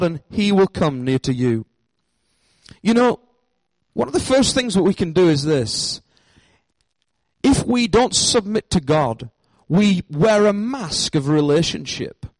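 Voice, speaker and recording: A man's voice: high-pitched, dry recording, poor audio. A man preaching a sermon in a church, emphatic and repeating his key phrases. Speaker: pastor.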